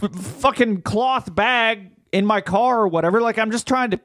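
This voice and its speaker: A man co-hosting a casual podcast, telling a profane, angry story about a store trip and shouting out his frustration. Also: high-pitched, normal speed, dry recording, studio quality. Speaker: podcast co-host. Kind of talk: casual chat.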